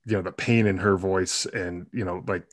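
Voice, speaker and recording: A man hosting an interview, speaking in a halting way with many restarts and filler sounds. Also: low-pitched, steady tone, dry recording, clean studio sound. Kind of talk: conversational interview.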